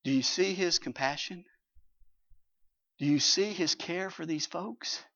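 A man preaching a sermon with emphasis, swinging between loud passages and hushed ones and reading scripture aloud. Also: fairly high pitch, measured pace, creaky. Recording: dull lo-fi recording.

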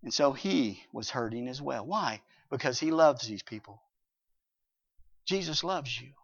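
A man preaching a sermon with emphasis, swinging between loud passages and hushed ones and reading scripture aloud. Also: mid-range voice, animated, measured pace, gravelly, husky. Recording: dull lo-fi recording.

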